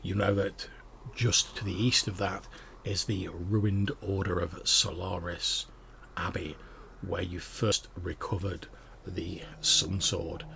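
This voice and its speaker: A man's voice: low-pitched, little pitch movement, takes it slowly, gravelly, bright, forceful tone, slight background noise. A man running a tabletop game as game master, narrating casually with many fillers.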